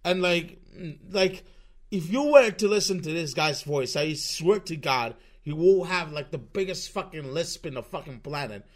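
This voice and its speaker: A man's voice: fairly high pitch, animated, measured pace. Profane, rambling young man ranting. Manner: profane, rambling, sarcastic, frequent restarts. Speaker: online commentary host. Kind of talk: ranting commentary over a screen recording.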